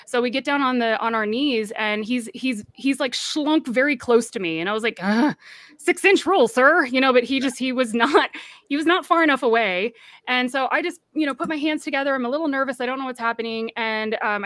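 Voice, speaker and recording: Earnest woman with a high, dry voice. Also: a little fast, fairly bright tone, no echo. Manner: earnest, acts out quoted voices. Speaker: guest. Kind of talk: recounting a personal story on a livestream panel.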